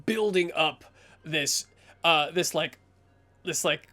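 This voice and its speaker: A man's voice: a little high, slow pace, sharp tone. A man narrating a tabletop role-playing game as its game master. He rambles through the scene, full of fillers and restarts.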